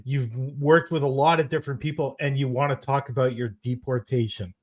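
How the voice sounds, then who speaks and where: A man co-hosting a casual conversation, relaxed and informal, reacting with loud exclamations. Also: medium pitch, fairly quick. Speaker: co-host. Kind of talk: casual podcast chat.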